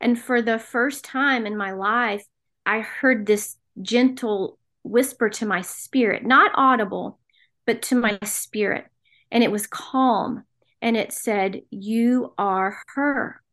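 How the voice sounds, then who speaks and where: Speaking slowly in a slightly high, fairly bright voice, the middle-aged Southern guest recounts her life as personal testimony in a podcast interview. She sounds earnest and emotional.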